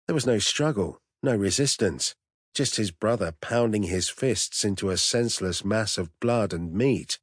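A man narrating an audiobook in a steady, measured storytelling voice. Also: deep voice, dry recording, clean studio sound. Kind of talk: scripted narration.

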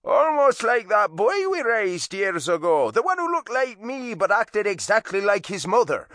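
A man's voice: high-pitched, very animated, normal speed, fairly bright tone, dry recording, clean studio sound, voice pushed up. Man doing a bantering Irish pub dad. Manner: bantering, mock-forgetful. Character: gruff Irish father behind a pub bar.

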